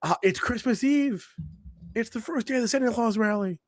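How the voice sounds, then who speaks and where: A man's voice: very high voice, normal speed, dry recording. Upbeat male morning show host, dry sound. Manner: upbeat, greets the chat by name. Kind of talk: live morning show banter.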